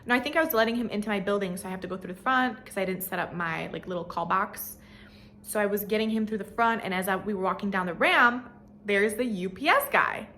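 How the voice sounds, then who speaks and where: A young woman in her twenties chats through a get-ready-with-me storytime with a bright, sharp tone. She is animated and slangy, drops fillers and swears freely. She jumps into little voices for the people she talks about. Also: medium pitch, fast talker, a little hiss or hum. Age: 20s. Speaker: vlogger.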